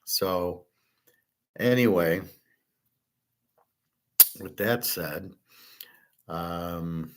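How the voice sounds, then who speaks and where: A man's voice: deep voice, extremely slow, long pauses. A man hosting his own show, talking in a blunt, opinionated, rambling monologue full of fillers and restarts. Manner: mimics others in quoted asides. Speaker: host.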